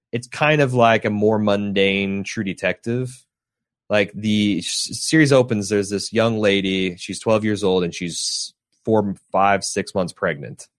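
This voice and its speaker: Rambling low-voiced man chatting. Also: dry recording, clean studio sound. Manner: rambling, filler-heavy, swears casually. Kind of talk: casual chat about TV shows.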